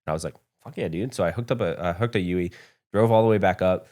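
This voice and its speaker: A man's voice: low-pitched, fast talker, a little mellow. A man from the United States, a podcast guest telling his founder story in a candid, profane, rambling way. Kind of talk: casual storytelling interview. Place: podcast studio.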